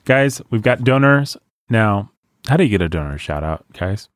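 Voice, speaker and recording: Guy hosting a podcast, bouncy pitch, dry close sound. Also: very animated, moderate pace, no echo. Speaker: podcast host. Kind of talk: casual chat.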